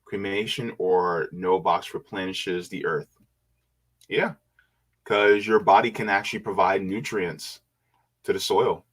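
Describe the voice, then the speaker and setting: Man, lowish voice, slow unhurried delivery, relaxed livestream commentary, humming asides. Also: breathy edge. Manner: laid-back, musing, with quiet hums and asides. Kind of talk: casual livestream commentary reading viewer comments.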